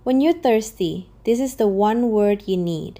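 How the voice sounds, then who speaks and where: A woman teaching a scripted language lesson, saying each word slowly and repeating it, in an upbeat, encouraging way. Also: fairly high pitch, big pitch swings, dark tone. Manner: models words slowly and repeats each one.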